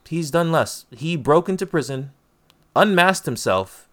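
A man's voice: fairly high pitch, expressive, a little slow, a bit bright. A young man in casual chat, telling stories in an emphatic, punchy way with slang. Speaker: movie discussion co-host.

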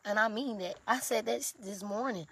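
A woman's voice: mid-range voice, a little fast, slightly rough. A woman in an emotional confessional vlog, exhausted and sleepless, talking in raw, profane outpourings. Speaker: vlogger.

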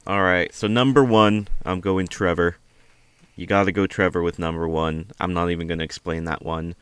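A man with a low, smooth, resonant voice ribbing his podcast co-hosts. He laughs a lot and keeps it casual. The sound is dry and close. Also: fairly even intonation, moderate pace, a bit bright, no echo. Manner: teasing, laughs often. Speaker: podcast co-host. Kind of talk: casual sports podcast chat.

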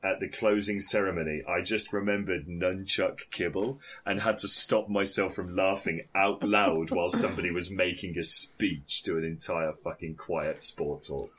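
Male podcast co-host, deep voice, swears a lot, loose gaming banter. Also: steady tone, normal speed, few pauses, a bit bright, breathy edge. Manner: swears freely, jokey, laughs often. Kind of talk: casual gaming chat.

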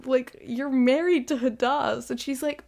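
A woman co-hosting a casual podcast, walking through a movie plot in a voice that sits a little high. She keeps slipping into quoted dialogue as she tells the story. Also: measured pace, gravelly. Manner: animated retelling with quoted character lines, frequent laughing. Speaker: podcast co-host. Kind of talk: casual chat recapping a movie.

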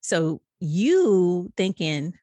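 A woman's voice: on the low side, very animated, drawn-out words, mellow, no echo. A woman co-hosting a podcast in casual chat, telling her own story candidly and animatedly. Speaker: podcast co-host.

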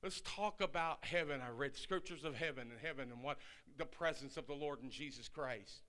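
A man's voice: mid-range voice, fairly quick, bright, forceful tone. A man pastor preaching a sermon, telling a story in a folksy, conversational way.

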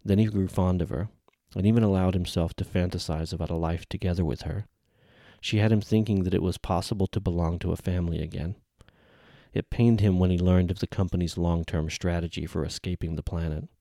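A man reading a novel aloud in measured, even audiobook narration. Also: low voice, no echo, clean studio sound.

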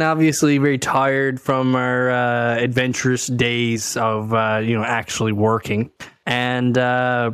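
A man's voice: mid-range voice, clean tone, no echo. A man telling a long story in casual chat, rambling and tagging lines with "right?" and "literally". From Canada.

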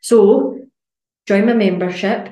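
A woman's voice: mid-range voice, steady tone, takes it slowly, mellow. Woman, podcast host, blunt, sweary, echoey room. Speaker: podcast host and fitness coach. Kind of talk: casual solo podcast monologue.

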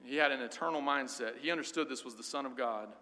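A man's voice: medium pitch, fast talker, bright, forceful tone. A man teaching a Sunday school Bible class in an earnest, emphatic way, often repeating words as he goes. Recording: long hall reverb.

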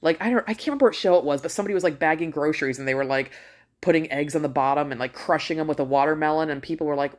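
Talking very fast in a deep voice, a middle-aged woman vlogger rants casually to her viewers. She tells a story bluntly, swearing throughout.

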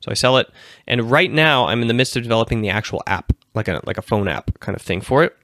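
A man's voice: mid-range voice, expressive, quick pace, fairly bright tone, no room sound, clean studio sound. A man in his thirties hosting a livestream show, talking casually in a rambling, self-correcting way. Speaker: host.

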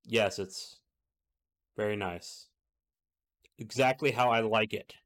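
A gruff, proud bartender, played by a man in a tabletop game. He speaks in short, forceful lines in a low voice. He sounds curt and unimpressed. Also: slow pace. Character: gruff, proud middle-aged male bartender.

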